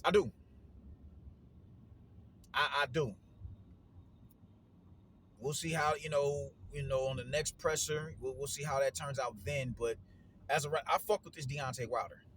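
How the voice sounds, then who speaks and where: A man giving casual solo commentary on boxing, slangy and animated, repeating himself and leaning on fillers. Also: medium pitch, a little slow, long pauses, slight background noise.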